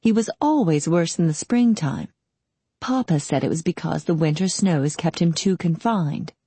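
Woman reading a story, low mellow husky voice, dry close sound. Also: normal speed, no room sound. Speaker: audiobook narrator. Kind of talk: scripted narration.

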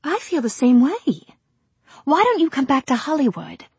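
A woman's voice: high voice, wildly swooping pitch, moderate pace, darkish tone, no room sound, pitched above the performer's own voice, full character voice. A woman voicing a poised, polite young actress with a composed manner.

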